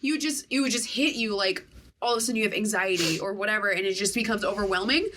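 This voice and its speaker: A woman in her twenties talking as a podcast guest, telling stories candidly, with some swearing, and acting out her own past thoughts with sudden high jumps in her voice. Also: fast, background noise. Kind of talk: casual chat.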